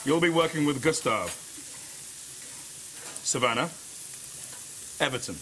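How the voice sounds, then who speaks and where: A middle-aged man playing a proud, sharp-tongued head chef in a sitcom, dry and commanding. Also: fairly high pitch, lively intonation, a little slow, a little hiss or hum, rough recording. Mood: sardonic. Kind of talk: sitcom acting.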